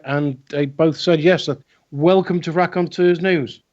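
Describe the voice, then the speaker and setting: A man's voice: fairly high pitch, steady tone, a little slow, a little mellow. Chatty man on a lo-fi call. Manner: chatty, rambling with fillers. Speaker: co-host. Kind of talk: casual chat. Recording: dull lo-fi online call audio.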